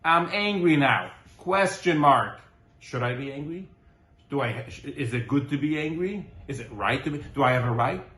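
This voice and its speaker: A man's voice: medium pitch, normal speed, fairly bright tone. A man giving a Torah class as a rabbi, earnest and full of rhetorical questions, weaving in Hebrew and Yiddish terms. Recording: roomy echo.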